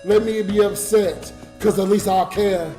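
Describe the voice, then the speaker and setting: A man's voice: sits high, steady tone, measured pace, mellow. A drunk man livestreaming as a comedian, talking to his viewers in a raw, emotional rant. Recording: roomy echo with music behind.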